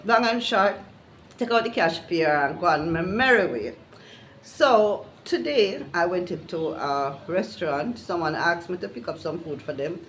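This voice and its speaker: A woman's voice: mid-range voice, a little hiss or hum, low-quality recording. An older woman, telling a fed-up story about bad customer service in a casual vlog rant. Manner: exasperated, animated, retelling conversations. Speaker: vlogger.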